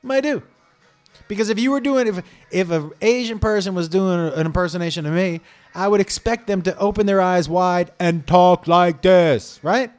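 Man, comedic storyteller, rambling, animated, tangents, higher voice, faint music behind. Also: brisk. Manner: animated, jumping into digressions and voices.

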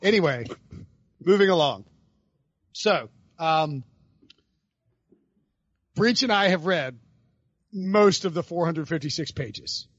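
A man hosting a podcast, talking in a rambling, animated, self-interrupting way. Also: a little high, takes it slowly, long pauses, no echo, dull audio. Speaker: podcast host. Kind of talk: casual chat.

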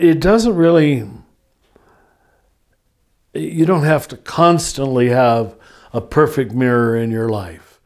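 Male spiritual teacher, unhurried and reflective, mid-pitched voice. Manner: slow, thoughtful, soft-spoken. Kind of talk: reflective conversation.

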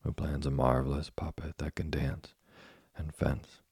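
A man reading a classic children's story aloud as a slow, soft, monotone sleep story. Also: rumbling low, slightly rough, no room sound, studio quality. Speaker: narrator. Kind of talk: scripted sleep story narration.

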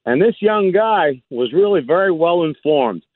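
A man's voice: a little high, expressive, unhurried, dry recording. A man calling a radio talk show, telling a story in a chatty way. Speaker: caller. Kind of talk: phone-in chat. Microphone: phone. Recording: tinny phone line.

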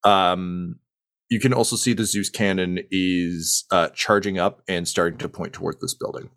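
A man narrating as game master, halting with many fillers. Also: low voice, fairly even intonation, fairly bright tone, no room sound, clean studio sound.

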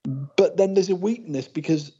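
A man's voice: high-pitched, normal speed, warm tone, husky, lo-fi sound, soft background music. A man co-hosting a casual paranormal podcast who explains things at length and thinks aloud over a remote call. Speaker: co-host, paranormal investigator.

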